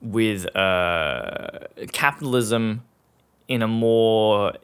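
A man's voice: lowish voice, extremely slow, smooth. A young Australian man hosting a solo podcast, rambling casually with plenty of swearing, fillers and laughs. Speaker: podcast host.

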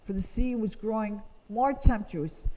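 A woman's voice: medium pitch, normal speed, mellow, long reverb tail, poor audio. A woman teaching from the Bible, reading verses aloud and explaining them earnestly. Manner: reads scripture aloud, then explains it earnestly.

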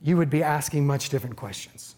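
A preacher voicing Jesus as a gentle, loving teacher, soft, measured and reassuring. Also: mid-range voice, voice pushed down, close to an everyday voice.

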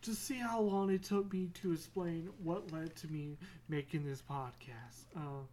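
A woman's voice: low-pitched, measured pace, mellow. A woman hosting her own podcast, talking in a casual, rambling way, going off on tangents, swearing freely and joking about herself. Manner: casual swearing, self-mocking. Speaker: podcast host. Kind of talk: casual solo chat.

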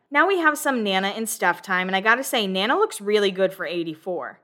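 A woman hosting a casual recap chat, talking freely with plenty of swearing and quick laughs. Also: medium pitch, animated, sharp tone. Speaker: podcast host recapping a reality show.

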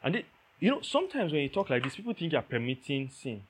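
A man's voice: on the high side, sing-song, quick pace, slight background noise. A man preaching a sermon, emphatic, repeating key phrases and checking that listeners understand.

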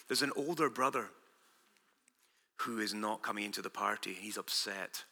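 A man preaching a sermon in a conversational, emphatic way, moving between loud declarations and hushed asides. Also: mid-range voice, moderate pace, in a large hall. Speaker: pastor.

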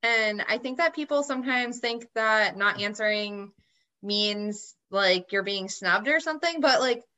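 Woman host, casual chat, affirming, bright and higher-pitched. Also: measured pace. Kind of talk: casual podcast conversation.

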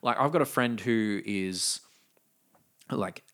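Man, podcast co-host, rambling casual chatter, lowish pitch. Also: takes it slowly, a bit bright. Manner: rambling, restarts and tangents. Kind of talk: casual chat.

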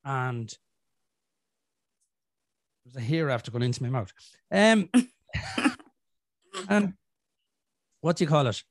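An Irish man hosting a podcast, talking frankly and swearing, rambling with restarts and clearing his throat from a chest infection. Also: on the high side, very animated, takes it slowly, long pauses, no echo. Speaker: podcast host. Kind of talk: casual podcast chat.

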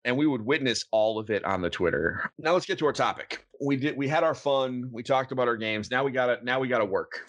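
A man's voice: medium pitch, fairly quick, few pauses. A man hosting a casual podcast, playfully running a word game with his co-host. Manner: playful, reads aloud with a put-on pirate lilt.

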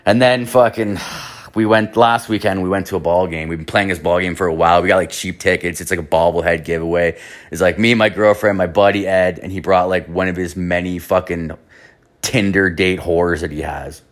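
A man's voice: low voice, steady tone, a little fast. A young man telling a rambling, profane story in casual talk, with lots of "like". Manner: rambling, profane, heavy use of "like".

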